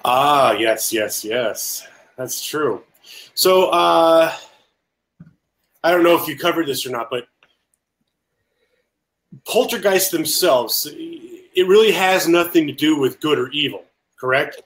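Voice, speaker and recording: Podcast host guy, bit high voice, rambly and keeps saying sorry. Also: slow, long pauses, fairly bright tone. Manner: rambling, apologetic, loses his train of thought. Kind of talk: casual podcast discussion.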